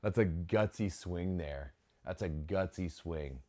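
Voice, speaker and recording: A young man with a very low voice talks through a match in casual live commentary. He reacts with sudden excited outbursts and often restarts his sentences as he watches, like a host chatting over the game. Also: slow pace.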